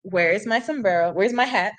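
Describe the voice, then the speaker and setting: A woman voicing a plain-spoken bear in a storybook read-aloud, with flat, deadpan replies. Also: mid-range voice, brisk, close to an everyday voice. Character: plain-spoken bear searching for his lost hat.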